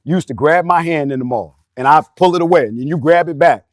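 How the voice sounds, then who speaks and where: A middle-aged man telling a candid personal story in casual podcast talk, animated and street-casual. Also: on the high side, fast talker, no room sound, studio quality. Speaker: podcast panelist.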